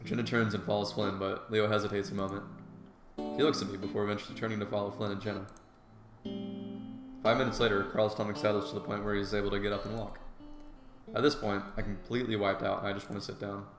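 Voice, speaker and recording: A man's voice: lowish voice, little pitch movement, fast. A man reading a visual novel aloud as he plays, with casual, joking asides. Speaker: game player and narrator. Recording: echoey room, soft guitar music.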